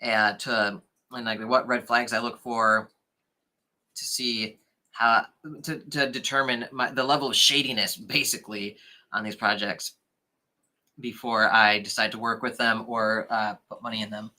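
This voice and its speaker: A young adult man hosting a casual livestream, chatting excitedly and thanking viewers as he reads comments. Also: lowish voice, measured pace. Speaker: livestream host.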